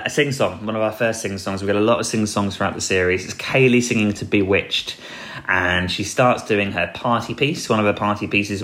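A man's voice: fairly low pitch, a bit bright. A man hosting a solo podcast, talking in a rambling, chatty way with dry jokes and plenty of ums and uhs. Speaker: podcast host. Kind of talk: casual solo podcast recap.

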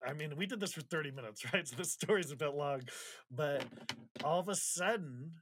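A man's voice: on the high side, expressive, brisk, fairly bright tone, slight background noise. A man in a casual conversation, telling a personal story candidly, swearing freely and getting emotional as he talks. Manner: reflective, gets emotional while recounting.

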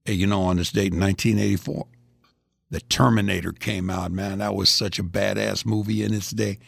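A man's voice: on the low side, steady tone, a little fast, gravelly. A man in his seventies hosting a rambling, folksy one-man commentary, chatting casually and drifting from topic to topic. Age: 70s.

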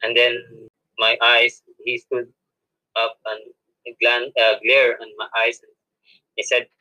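A man's voice: medium pitch, monotone, takes it slowly, pushed and bright, rough recording. A man, a monk guest, telling a personal story in an interview with many restarts and self-corrections and frequent laughs. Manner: laughs often while telling.

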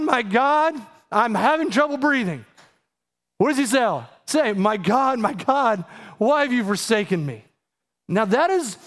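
High-voiced urgent man preaching. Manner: emphatic, rising to urgent high peaks and asking the audience direct questions. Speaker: pastor. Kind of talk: sermon.

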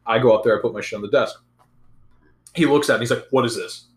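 A young man in casual chat, telling a profane, animated story about school. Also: medium pitch, racing. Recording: roomy echo.

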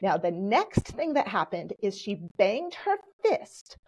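Lively woman telling her story. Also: medium pitch, slow pace, breathy edge. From Texas. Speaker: podcast guest. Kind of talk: storytelling in conversation.

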